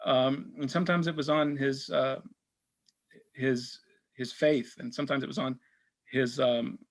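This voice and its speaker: Man, middle-aged, casual storytelling, frequent fillers, restarts, acts out quotes. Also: medium pitch. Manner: rambling, full of fillers and restarts; tells anecdotes, acts out quoted exchanges. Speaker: sportswriter speaking at a church supper. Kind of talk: casual talk and Q&A.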